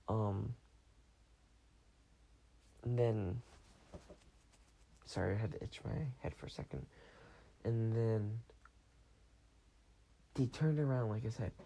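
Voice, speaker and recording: Tired, gravelly young man rambling casually. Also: medium pitch, mellow. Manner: chatty, rambling, self-correcting. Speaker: podcast host.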